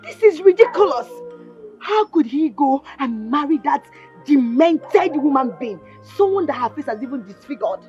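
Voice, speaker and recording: An actress with a Nigerian accent playing an excitable young village woman scolding her friend. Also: high voice, moderate pace. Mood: agitated. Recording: slightly dull film audio with music.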